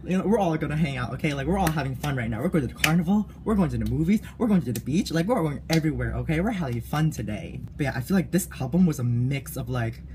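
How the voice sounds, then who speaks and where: A young woman giving a gushing, animated fan reaction in a casual vlog. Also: low-pitched, fast talker, few pauses, background noise. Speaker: YouTube reactor.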